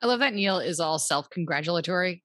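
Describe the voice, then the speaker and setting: A woman co-hosts a podcast in lively casual talk, swapping anecdotes and laughing along. Her voice sits a little low, recorded dry and close. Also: quick pace, dry recording. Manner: animated, laughs, tells anecdotes. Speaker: podcast co-host. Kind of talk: casual chat.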